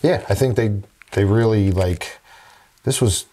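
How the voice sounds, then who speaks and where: A man's voice: on the low side, a little slow, warm tone. A man co-hosting a horror podcast in casual chat, rambling with many fillers and crude jokes. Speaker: podcast co-host.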